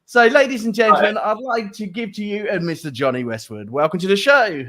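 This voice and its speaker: Chatty Fenland host, slightly high. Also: male voice, expressive, a little fast, fairly bright tone. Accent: Fens English. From Cambridgeshire, England. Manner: chatty, jokey, rambling with restarts. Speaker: show host. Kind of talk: casual live talk show chat.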